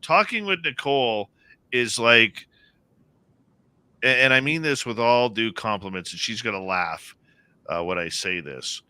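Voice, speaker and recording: A man hosting a radio talk show, speaking earnestly and haltingly with many restarts. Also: fairly low pitch, expressive, pushed and bright, smooth, dry recording. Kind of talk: casual on-air talk.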